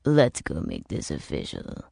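Casting: woman playing an easygoing middle-aged boss in an audiobook, gravelly, lively pitch. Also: unhurried, dry recording, clean studio sound, full character voice. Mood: genial. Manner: warm and easygoing. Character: genial middle-aged male boss, acting mayor.

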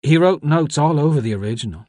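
A man reading aloud who voices a tearful young woman grieving a mentor, speaking softly with a lifted pitch. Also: expressive, fast, no room sound. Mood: urgent.

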